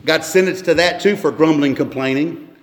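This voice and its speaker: A man's voice: fairly high pitch, moderate pace. Man preaching in an echoey hall. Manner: earnest, conversational preaching with repeated restarts. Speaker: pastor. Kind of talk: sermon. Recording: echoey hall with long reverb.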